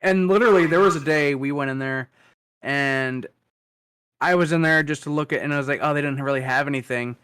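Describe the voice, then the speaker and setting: Relaxed man in his thirties chatting. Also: fairly high pitch, fairly quick, smooth. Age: 30s. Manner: relaxed, rambling, full of "like" fillers. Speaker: podcast co-host. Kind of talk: casual chat.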